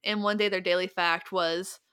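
A woman's voice: fairly low pitch, fairly even intonation, normal speed, a bit bright, clean tone. A young woman co-hosting a casual podcast, playful and teasing. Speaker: podcast co-host.

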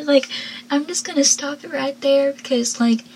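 A woman's voice: high-pitched, normal speed, vocal fry, a little mellow, a little hiss or hum. A teenage girl recapping a TV episode in casual commentary, giggly and chatty with lots of "like" fillers.

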